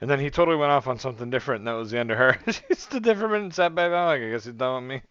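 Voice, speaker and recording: A man's voice: a little high, lively intonation, racing, fairly bright tone, dry recording, muffled recording. A man from the United States hosting a reaction video, chatting casually and amused, with rambling fillers. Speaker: reaction channel host.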